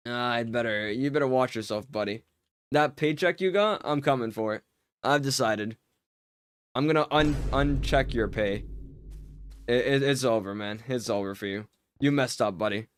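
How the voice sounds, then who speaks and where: A man with a smooth, clean voice in a dry, close recording, talking casually to chat while he plays. He teases viewers with mock offense and often stumbles over his words, repeating them as he jokes. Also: mid-range voice, moderate pace, fairly bright tone, no echo. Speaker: game streamer. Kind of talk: casual live-stream chat while playing.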